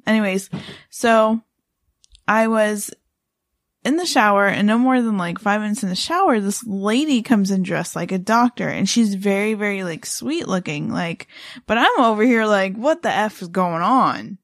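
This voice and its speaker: A woman's voice: medium pitch, lively intonation, normal speed, no room sound. Rambling woman podcast host, dry sound. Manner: rambling, many fillers and restarts. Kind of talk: casual storytelling.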